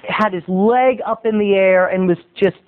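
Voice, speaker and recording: A man's voice: high voice, moderate pace. Chatty man telling stories over a tinny line. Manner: chatty, animated storyteller. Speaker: video blogger. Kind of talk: casual storytelling monologue. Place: at home, lying on a bed. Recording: tinny phone-like sound.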